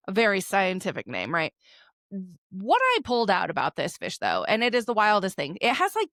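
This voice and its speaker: A woman's voice: medium pitch, fairly bright tone, no echo. Chatty woman podcast host, dry sound. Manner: chatty, rambling, self-deprecating with frequent laughs. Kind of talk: casual solo podcast chat.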